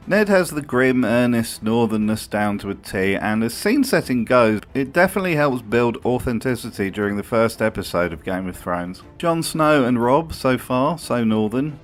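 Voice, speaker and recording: A man narrates a comedic video essay in a wry, mocking tone full of dry asides. His voice sits on the low side, recorded close as a voice-over. Faint music plays underneath. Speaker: video commentator.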